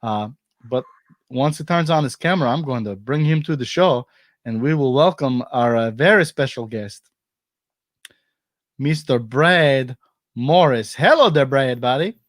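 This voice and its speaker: A man's voice: mid-range voice, animated, measured pace, no room sound, studio quality. A man hosting a casual live-stream comedy chat, playful and joking, laughing often. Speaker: host.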